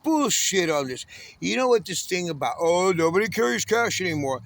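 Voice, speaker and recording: A man in his sixties from Southern California rants at length, bitter and full of curses. His voice sits a little high for a man of his age, and he rails against everything in an uneven, angry flow. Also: big pitch swings, normal speed, vocal fry. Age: 60s. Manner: profane, bitter, railing. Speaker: homeless panhandler. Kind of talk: angry ranting monologue.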